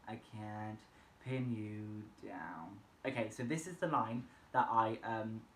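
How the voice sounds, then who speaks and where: A man's voice: mid-range voice, distant mic. A man thinking aloud about his own singing practice, talking through each attempt and picking out what to fix. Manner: self-critical, talks through each attempt. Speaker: singing student. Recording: echoey room with faint hum.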